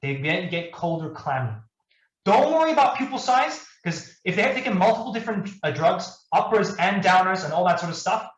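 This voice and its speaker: A man giving a live training talk, animated and checking in with his listeners often. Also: on the high side. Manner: animated, keeps checking in with the audience. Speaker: overdose prevention trainer. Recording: roomy, dull lo-fi room recording.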